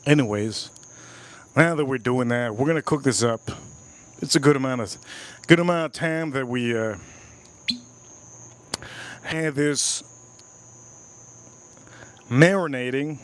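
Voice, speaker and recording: A man's voice: medium pitch, slow pace, long pauses. A man hosting a live stream, reviewing whiskey and cooking, enthusiastic, repeating phrases and talking to his chat. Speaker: livestream host.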